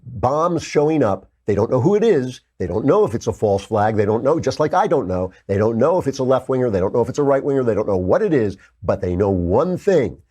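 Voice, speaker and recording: An older man hosts a political commentary show, delivering a heated, sarcastic monologue and mocking opponents in high, whiny put-on voices. His voice is very animated, warm, and husky. He talks a little fast with hardly any pauses.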